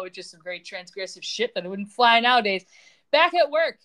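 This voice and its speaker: A woman's voice: medium pitch, lively intonation, a little fast, fairly bright tone. A woman hosting a podcast, casually retelling a TV episode with sarcastic asides and laughs. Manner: sarcastic, quips and laughs while retelling scenes. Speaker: podcast host recapping a TV episode. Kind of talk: casual chat.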